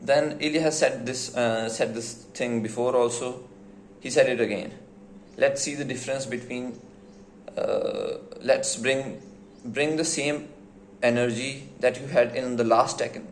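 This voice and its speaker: A young man talks through a fight interview with loud enthusiasm, swearing freely and laughing as he retells the best lines. His mid-pitched voice sits in an echoey room. A faint hum of ambient noise runs underneath. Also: unhurried. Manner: excited, swearing, laughs often, retells quotes with relish. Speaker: commentator recapping an interview. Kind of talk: casual reaction commentary.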